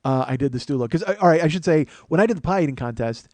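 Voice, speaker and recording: A man's voice: a little high, expressive, rapid-fire, a little mellow, no echo. A man hosting his own podcast, telling a long comic story in a rambling, profane, self-mocking way. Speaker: comedian podcast host. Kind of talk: solo storytelling monologue.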